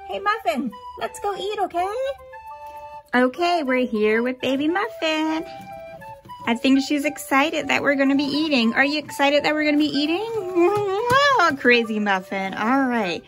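A woman's voice: high voice, animated, measured pace, music in the background. A woman playing a bubbly cartoon dog mom babysitting, sing-song. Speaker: toy play host. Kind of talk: pretend play with toys.

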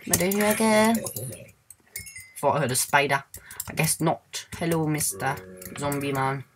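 A man chatting through his gameplay in a loose, goofy ramble. He hums little tunes, sings snatches to himself and lets out sudden high squeals. Faint keyboard clicks tick away in the background. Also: expressive, moderate pace, noisy background. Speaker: let's play gamer. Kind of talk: casual gameplay commentary.

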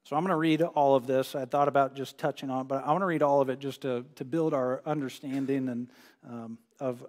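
A male pastor preaching a sermon in a conversational way, repeating phrases for emphasis. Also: medium pitch. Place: church sanctuary. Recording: live church broadcast with long hall reverb.

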